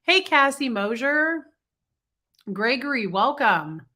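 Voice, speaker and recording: A woman's voice: high-pitched, very animated, takes it slowly, sharp tone. Congested woman chatting on a livestream. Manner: chatty, greets viewers by name. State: congested, sick voice. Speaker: livestream host. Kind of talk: casual livestream chat reading comments.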